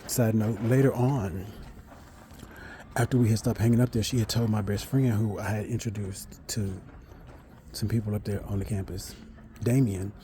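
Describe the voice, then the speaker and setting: A man telling a long, rambling personal story in a chatty way, with asides and self-corrections, sometimes dropping to a hush. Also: on the low side, fairly even intonation, normal speed, long pauses, a little hiss or hum.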